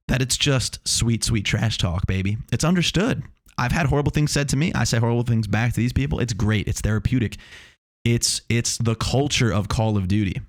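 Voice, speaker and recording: A man's voice: medium pitch, no echo, clean studio sound. A young man hosting a solo podcast, rambling and swearing, often restarting his sentences. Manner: rambling, profane, restarts a lot. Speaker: podcast host. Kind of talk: casual solo podcast monologue. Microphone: lav or shotgun mic in a foam-treated room.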